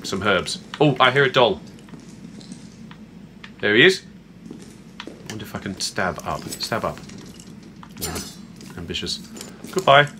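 A gamer plays through a horror game, giving playful, casual let's-play commentary and chatting with viewers as he goes. His lowish voice has lively intonation and a measured pace with frequent pauses, against a noisy background.

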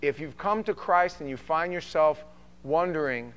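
A male pastor preaching an animated sermon, acting out conversations and swinging from quiet talk to shouting. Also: a little high, normal speed, a little hiss or hum. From from an Italian Sicilian family.

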